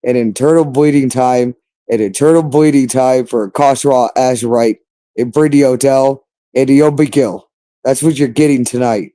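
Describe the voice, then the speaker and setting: A man's voice: mid-range voice, moderate pace, warm tone. A man delivering a rambling monologue, insistent and repetitive, stretching out words for emphasis.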